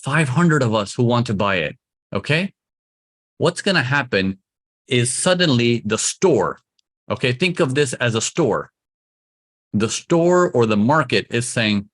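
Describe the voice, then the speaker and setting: A man's voice: medium pitch, expressive, normal speed, fairly bright tone. A man teaching trading to a live audience, emphatic and repetitive, coaxing his listeners along. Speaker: trading instructor.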